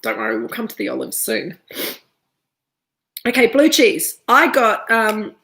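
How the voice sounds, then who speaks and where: Aussie lady running a relaxed wine and cheese tasting, bit of vocal fry, chatty. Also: fairly high pitch, a little slow. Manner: chatty, talks while chewing and eating. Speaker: winemaker leading a virtual tasting. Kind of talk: casual live wine-tasting class.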